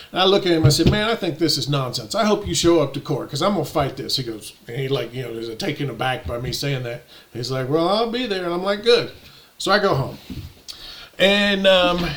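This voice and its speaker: A man casually telling a personal story, animated and indignant as he acts out the exchanges. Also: fairly high pitch. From United States.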